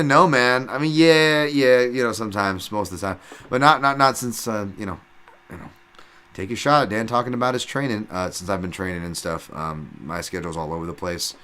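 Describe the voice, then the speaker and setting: A man hosting his own podcast, talking casually and profanely, rambling with fillers and restarts, and getting loud when excited. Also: on the low side, smooth. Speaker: podcast host.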